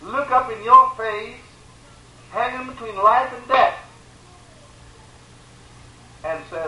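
Man preaching, high voice, piercing bright tone, roomy echo, distant mic. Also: takes it slowly, long pauses. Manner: emphatic repetition, pleading. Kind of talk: sermon. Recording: echoey room from far off, faint ambience.

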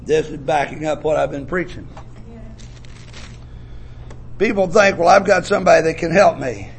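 A man preaching a revival sermon with impassioned swings between shouting and low murmuring, reading scripture in a slow, drawn-out cadence. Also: creaky, a little hiss or hum.

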